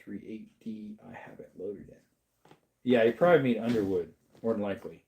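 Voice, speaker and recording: A man's voice: lowish voice, brisk, highs cut off. A tired middle-aged man from Arizona, hosting a casual livestream and answering chat in a drawling, easygoing way. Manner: drawling and tired, slips into joke voices. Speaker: livestream host reading chat.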